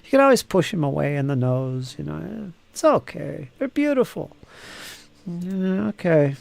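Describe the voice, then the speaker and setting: A man's voice: a little high, sing-song, measured pace, creaky, darkish tone. A man hosting a live painting stream, chatting casually and teasing viewers as he reads their comments aloud. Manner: joking, teasing chatter with frequent laughs.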